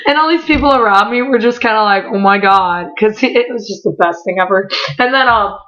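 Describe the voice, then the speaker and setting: A young woman recounts a story to the camera in a loose, rambling vlog style, stacking up fillers and breaking into excited swearing and laughter. Her voice is bright and tense. The recording sounds dull and lo-fi. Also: mid-range voice, fairly quick. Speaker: vlogger.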